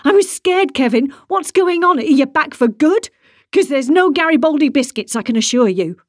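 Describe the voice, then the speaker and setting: A woman voicing an upset, angry wife who shouts and swears in a high, strained voice. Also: animated, normal speed, dry recording, studio quality. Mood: shouting angrily. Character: distraught furious woman, abandoned wife. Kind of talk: audiobook character reading.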